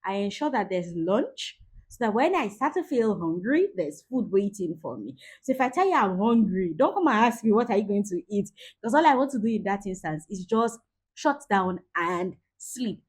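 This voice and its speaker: A woman in her forties giving a lively parenting talk, acting out everyday scenes as she coaches. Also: medium pitch, normal speed, breathy edge. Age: 40s. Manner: lively, acts out scenes with quoted voices.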